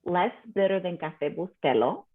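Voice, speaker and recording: A woman's voice: on the low side, animated, normal speed. A woman co-hosting a casual chat show, telling stories and mixing Spanish into her English, over a call. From Puerto Rican family, lives in Chicago. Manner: storytelling, mixes Spanish into English, laughs often. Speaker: co-host. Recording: tinny phone-like line.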